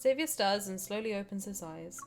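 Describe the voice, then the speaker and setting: A young woman streaming, reading a game aloud and reacting with excited, swearing banter. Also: mid-range voice, moderate pace, faint music behind.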